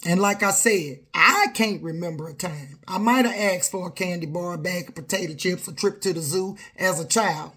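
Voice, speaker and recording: A woman's voice: lowish voice, moderate pace, few pauses, sharp tone, breathy edge. A middle-aged woman talks straight to camera. She is confrontational and emphatic. She hammers her points with repeated phrases. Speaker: vlogger. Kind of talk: direct-to-camera rant.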